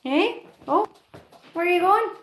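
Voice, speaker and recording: Female vlogger, unhurried, casual home chat with cooing pet talk. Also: expressive, a little hiss or hum. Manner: coos in high baby talk to her birds. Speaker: pet bird keeper and vlogger. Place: indoors at home among plants and birds.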